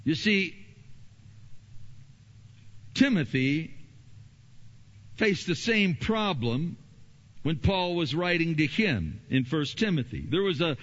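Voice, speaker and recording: Animated male preacher. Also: on the high side. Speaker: pastor. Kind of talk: sermon. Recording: dull lo-fi recording.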